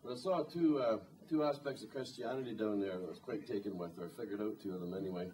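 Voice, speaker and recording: A man's voice: on the low side, fast, mellow, slight background noise. A male singer-songwriter telling a rambling, wry story between songs at a live gig, with plenty of "you know". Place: live music venue. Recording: distant live gig recording.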